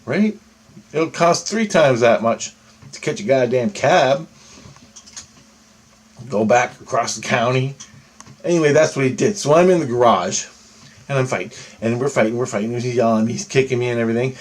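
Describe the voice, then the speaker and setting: A man's voice: mid-range voice, normal speed, pauses often. A young man in a casual monologue, recounting a dream with heavy cursing, rambling on and checking in with "right?" and "okay?". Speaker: vlogger.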